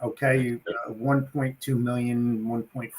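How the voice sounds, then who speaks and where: A man co-hosting a morning talk show, telling stories in a lively way and acting out phone calls. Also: medium pitch, a little slow, rough recording. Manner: lively storyteller who acts out phone calls. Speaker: co-host. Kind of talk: casual morning show storytelling.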